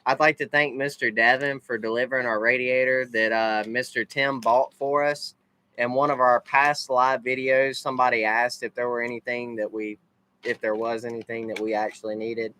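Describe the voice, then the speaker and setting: Southern guy, family vlog host, rambling thank-yous, mid pitch. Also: flat delivery, moderate pace, sharp tone, slight background noise, poor audio. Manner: rambling, lots of uh fillers. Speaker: racing family vlogger. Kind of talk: casual live recap, thanking people.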